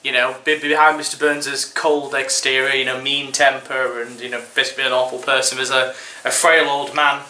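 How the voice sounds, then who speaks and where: A man's voice: mid-range voice, flat delivery, brisk, hardly any pauses, pushed and bright, roomy sound. A man co-hosting a podcast, chatting casually about a TV episode with lots of fillers and restarts. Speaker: podcast co-host. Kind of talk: casual chat reviewing a TV episode.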